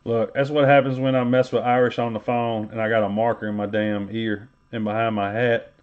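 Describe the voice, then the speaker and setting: A man's voice: medium pitch, flat delivery, a little fast, clear, resonant tone, muffled recording. A man hosting a live card-opening stream, calling out card names and teasing viewers with joking banter. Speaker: live card-break host. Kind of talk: casual livestream commentary.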